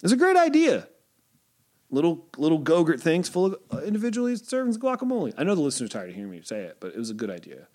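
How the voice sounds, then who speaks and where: A man co-hosting a podcast, chatting casually in profane, animated banter that swings between loud rants and mutters. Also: fairly high pitch, racing. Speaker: podcast co-host.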